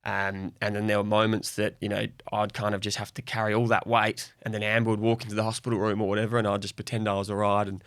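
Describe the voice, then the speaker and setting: A man's voice: on the low side, little pitch movement, fast, few pauses, no room sound. A young Australian man speaking openly and reflectively as a guest in a podcast conversation. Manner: open, reflective, soft-spoken.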